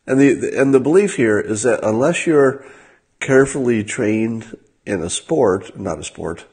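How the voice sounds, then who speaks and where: A man hosting a livestream, talking in a casual monologue with a dry, sardonic manner and frequent halting fillers. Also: mid-range voice, expressive, darkish tone, husky. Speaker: livestream host.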